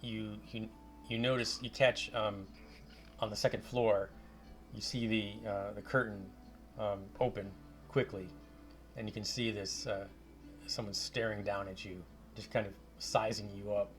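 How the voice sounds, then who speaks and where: Brief: male game master, lowish voice, halting narration, soft music bed. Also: flat delivery. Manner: halting, many fillers and restarts.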